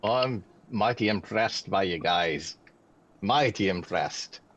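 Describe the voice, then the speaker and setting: A man's voice: low-pitched, animated, takes it slowly, a bit bright, highs cut off, voice pushed down, exaggerated voice. A man voicing a rescued male dwarf miner in a put-on brogue during a tabletop game. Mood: impressed. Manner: put-on brogue the players call Irish. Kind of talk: tabletop role-play voice.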